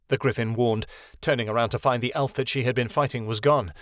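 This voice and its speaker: A man narrating a fantasy audiobook in a measured, expressive reading. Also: medium pitch, dry recording, studio quality. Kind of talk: scripted narration.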